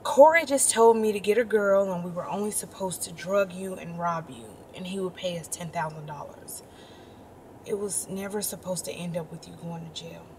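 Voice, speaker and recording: A woman's voice: fairly low pitch, moderate pace, noisy background, lightly acted. An actress playing a remorseful young woman earnestly pleading and explaining on a phone call. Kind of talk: indie web drama acting.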